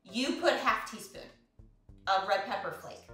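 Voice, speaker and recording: A cooking show host leads a casual cooking demonstration over video call, chatty and playful, laughing often as she talks another cook through a recipe. Her voice is medium in pitch, a little slow and a bit bright. The sound is roomy, with soft music in the background.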